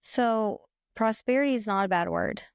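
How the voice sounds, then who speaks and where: A woman's voice: mid-range voice, huge pitch swings, moderate pace, clear, resonant tone, dry recording, clean studio sound. A woman hosting a podcast, speaking in a reflective, affirming way. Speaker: podcast host. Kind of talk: casual podcast chat.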